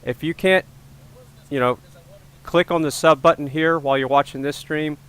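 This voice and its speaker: A man's voice: a little high, normal speed, fairly bright tone, smooth. A man hosting a casual livestream, chatting with viewers and joking at his own expense about his ego. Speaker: livestream host.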